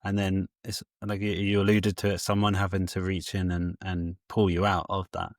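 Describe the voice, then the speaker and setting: A man hosting an interview, thinking aloud as he reflects on a guest's story, halting and restarting often. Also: low voice, completely flat delivery, no echo, studio quality. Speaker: podcast host. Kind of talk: casual interview chat.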